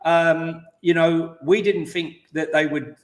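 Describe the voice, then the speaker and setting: A man co-hosting a football podcast, relaxed and casual, with fillers like "um" and "look". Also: fairly high pitch, slow, echoey room.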